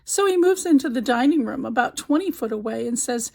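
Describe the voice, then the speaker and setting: For her channel, a woman counts down marriage jokes as scripted narration, building toward each punchline. She talks fairly quickly with lively intonation, and her fairly high voice is gravelly and a little mellow. The audio is poor.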